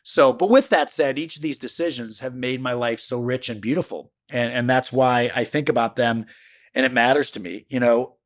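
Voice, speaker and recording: A man in his fifties hosting a podcast, telling a reflective motivational story about his life in an emphatic way, with sudden jumps in pitch. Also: moderate pace. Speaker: podcast host.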